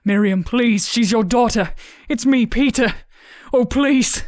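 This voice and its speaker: A woman voicing a desperate, powerful father who loudly pleads with his wife in an audiobook. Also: fairly high pitch, takes it slowly, no room sound, clean studio sound, voice pushed up. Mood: pleading. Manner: loud, pleading. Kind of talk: audiobook character voice.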